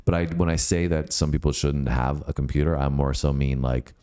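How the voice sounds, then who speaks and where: A man's voice: rumbling low, fairly even intonation, fairly quick, dark tone, clean tone. A Canadian man co-hosting a casual chat, joking and rambling as he reacts to comments. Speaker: co-host.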